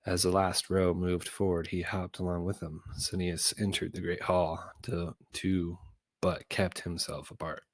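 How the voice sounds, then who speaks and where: A man's voice: low-pitched, little pitch movement, measured pace, no echo. A man reading a children's novel aloud in a goofy, casual way, with small slips and self-corrections. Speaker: book reader.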